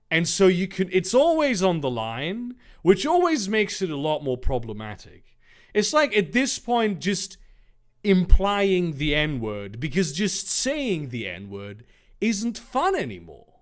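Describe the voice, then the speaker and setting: For comedic effect, a host reads bad fanfiction aloud and adds commentary, sounding sarcastic and incredulous, swearing, and tossing in mocking asides. His voice is lively and a touch high.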